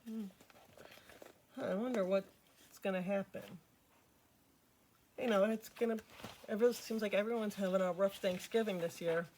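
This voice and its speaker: A woman's voice: mid-range voice, steady tone, moderate pace, pauses often, a little mellow, a little hiss or hum. A woman reading a picture book aloud to children as a storytime host, with chatty asides to her listeners.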